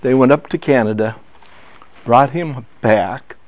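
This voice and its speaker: An older man telling a family story in a personal testimony talk, halting and emotional, with many restarts. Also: mid-range voice, no echo. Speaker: speaker. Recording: dull lo-fi sound.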